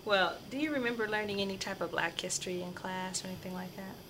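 Quick-talking woman interviewer. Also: medium pitch, noisy background. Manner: curious, brief prompting questions. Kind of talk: oral history interview.

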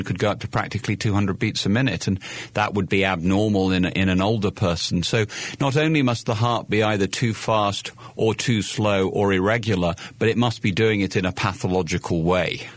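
A middle-aged British man giving a measured, explanatory radio interview as a guest cardiologist. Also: on the low side, dry recording. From Britain. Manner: measured, explanatory, repeats words when starting.

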